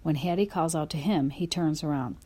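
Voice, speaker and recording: This audiobook narrator is a woman whose low-pitched voice has a breathy edge and moves a little fast. Speaking as a dog in the first person, she delivers a children's story in a lively, expressive way.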